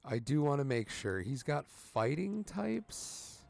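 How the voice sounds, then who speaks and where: A man's voice: on the high side, big pitch swings, slow, creaky, darkish tone. A man in his thirties doing let's play commentary as a gaming streamer, cursing freely and ranting at the game. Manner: profane, ranting, trash-talks the game.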